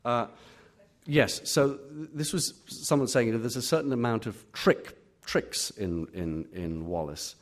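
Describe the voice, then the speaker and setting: A middle-aged Englishman, a literary critic answering audience questions at a live reading, full of pauses and restarts. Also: medium pitch. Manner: hesitant, many fillers and restarts. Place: auditorium.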